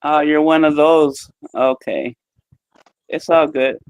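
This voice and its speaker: Deep-voiced teasing woman with Southern accent. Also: takes it slowly, a little mellow, clean tone, dry recording. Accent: Southern US, unusual. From American South. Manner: teasing, sassy. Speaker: stream guest. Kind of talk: casual banter.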